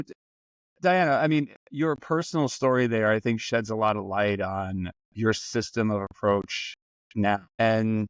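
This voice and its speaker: Low-voiced male podcast host. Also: no echo. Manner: friendly, teasing. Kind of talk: casual interview chat.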